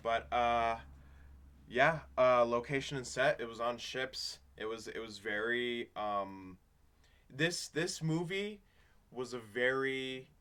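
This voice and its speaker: A man's voice: mid-range voice, slow, pushed and bright, clean tone. A young man co-hosting a podcast, chatting casually about a film in a laid-back way, often agreeing with short interjections. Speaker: podcast co-host. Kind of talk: casual film review chat.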